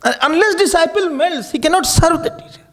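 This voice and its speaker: A man, giving a spiritual discourse in an animated, storytelling manner. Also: very high-pitched, brisk. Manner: animated, storytelling, laughing often. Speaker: spiritual teacher.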